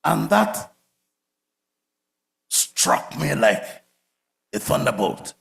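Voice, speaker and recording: A man preaching a sermon, telling stories with big swings from loud outbursts to quiet murmurs. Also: medium pitch, very slow, gravelly. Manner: animated storytelling, swings from shouts to murmurs. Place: church sanctuary. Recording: echoey church hall.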